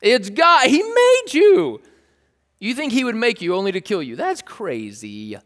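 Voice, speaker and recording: A man's voice: fairly high pitch, sing-song, normal speed, a bit bright. A man voicing a sly male serpent tempter, coaxing and persuasive in a mocking, reassuring way. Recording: long hall reverb.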